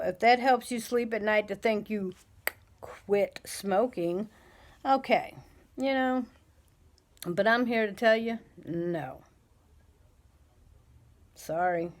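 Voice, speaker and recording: A woman's voice: medium pitch, darkish tone. A middle-aged woman vlogging to camera in a blunt, chatty way, with many fillers and restarts. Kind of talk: casual talk to camera.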